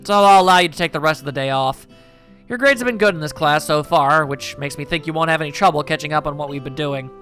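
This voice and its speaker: A man voicing a patient male schoolteacher who lectures in a measured, roundabout way while reading a visual novel aloud. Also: on the high side, a bit bright, faint music behind, natural voice. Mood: reassuring.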